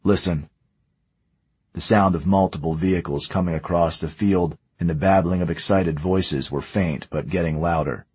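A man narrates in a measured, steady way, his voice low and a little husky. The reading is close and dry, with no room sound around it. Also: dry recording. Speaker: audiobook narrator. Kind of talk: scripted narration.

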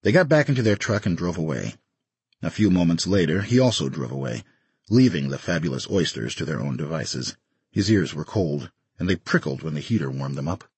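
A man's voice: extremely low pitch, sing-song, a little fast, darkish tone, slightly rough, no room sound. A man narrating an audiobook story expressively, in a dry studio recording. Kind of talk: scripted narration.

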